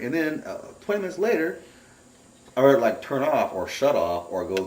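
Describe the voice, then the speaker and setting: A man's voice: mid-range voice, big pitch swings, fairly quick, darkish tone, roomy sound, a little hiss or hum. A middle-aged man telling his own story in an interview, acting out his own alarmed, cursing exclamations. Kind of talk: animated first-person storytelling. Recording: voice picked up from a distance.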